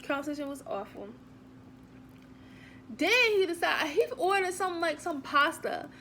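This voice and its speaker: A young woman telling a casual storytime, animated and sassy, acting out the quoted lines. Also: high voice, unhurried, slight background noise.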